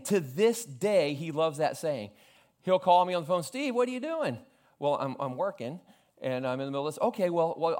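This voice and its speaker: A man in his forties from South Florida preaching a sermon, telling funny family stories and quoting his father with lively acted lines. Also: mid-range voice. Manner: storytelling with humor, animated quoting of family. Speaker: pastor.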